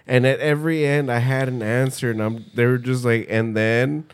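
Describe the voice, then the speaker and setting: A man's voice: mid-range voice, fairly even intonation, a little fast, clean tone. A young man co-hosting a casual podcast, telling rambling, profane stories and acting out quotes. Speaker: podcast co-host.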